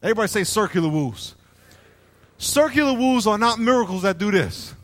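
A man preaching a lively sermon as pastor, acting out small scenes and calling on the congregation to answer him. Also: high voice, fairly quick. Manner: animated preaching, plays out little scenes and asks the crowd to respond. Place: church hall. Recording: long hall reverb.

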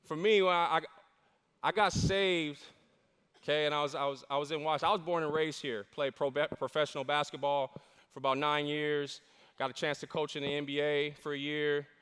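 A man's voice: a little high, level tone, fairly quick, fairly bright tone, clean tone. A middle-aged man preaching a sermon as pastor, with fervent, emphatic delivery and call-and-response with the congregation. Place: large church sanctuary. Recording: long reverb of a large church hall.

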